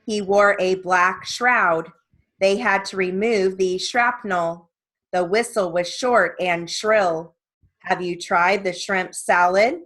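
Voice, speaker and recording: A woman reading word lists and sentences as dictation practice, evenly and deliberately, with short spoken asides. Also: mid-range voice, a bit bright, poor audio. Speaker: dictation reader for steno practice.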